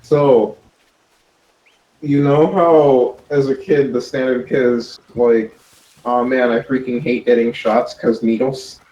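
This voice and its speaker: A man telling a childhood story in a rambling, halting way. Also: medium pitch, flat delivery, dark tone. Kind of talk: casual chat. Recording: distant dull echoey mic.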